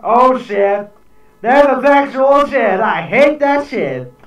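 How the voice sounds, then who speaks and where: A high, wildly swinging man's voice reacts to clips with a lot of cursing, drawling his stories slowly. He sits some way off the mic in an echoey room, with faint music underneath. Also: distant mic, lo-fi sound. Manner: excitable, profane, mimics people in stories. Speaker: reaction video host. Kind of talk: casual reaction commentary.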